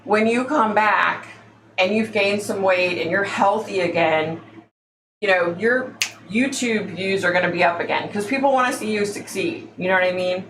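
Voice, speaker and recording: A woman's voice: medium pitch, moderate pace. A woman hosting a casual psychic livestream, chatty and exasperated, calling her listeners y'all. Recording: echoey room, faint background noise.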